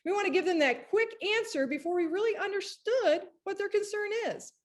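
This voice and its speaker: A woman presenting in a webinar, chatty and animated, telling stories to make her points. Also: very high-pitched, brisk. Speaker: performance director giving a talk.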